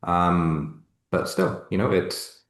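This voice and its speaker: A man's voice: low-pitched, steady tone, fairly bright tone, echoey room. A man co-hosting a casual marketing webinar on a video call, explaining things step by step. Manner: measured, explains step by step, repeats words while starting. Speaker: webinar co-host.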